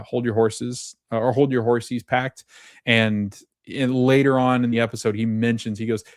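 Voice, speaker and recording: A man's voice: lowish voice, clear, resonant tone, no room sound, studio quality. A man recapping a TV episode on a podcast in casual chat, rambling with many fillers and restarts and laughing often.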